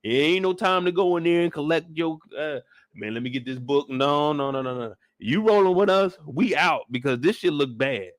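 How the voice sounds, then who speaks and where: A young man giving live episode commentary with a high voice that swings widely up and down. He talks in a loose, profane, joking way and bursts into acted-out lines. The sound is dry and close, with no room around it. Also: moderate pace, few pauses, no room sound. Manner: animated, profane, comic riffing; acts out scenes in shouted bursts. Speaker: streamer reviewing a TV episode.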